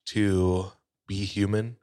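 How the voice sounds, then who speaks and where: Laid-back man with a low voice. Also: level tone, takes it slowly, mellow. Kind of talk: casual chat.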